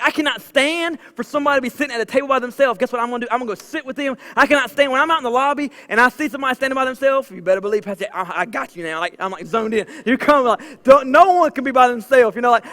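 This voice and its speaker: A man's voice: high-pitched, a bit bright. A Southern man in his thirties preaching a casual, chatty sermon, full of "like" fillers. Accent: Southern American. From American South. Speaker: pastor. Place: church auditorium. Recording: long church hall reverb.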